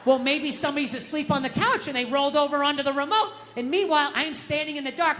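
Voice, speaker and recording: Guy doing standup, sharp forceful voice, swearing and ranting, big echoey live venue. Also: very high-pitched, fast talker, hardly any pauses. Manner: profane, ranting, rising into mock-furious shouts. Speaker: stand-up comedian. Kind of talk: stand-up comedy set. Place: large outdoor stage in the wind. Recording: live venue with long reverb, faint ambience.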